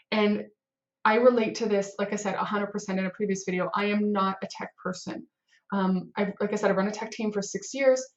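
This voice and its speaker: A woman's voice: medium pitch, darkish tone, dull audio. A woman who runs a web team, giving casual advice to camera in a rambling style, full of fillers and acted-out moments of inner panic. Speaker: head of a web development team.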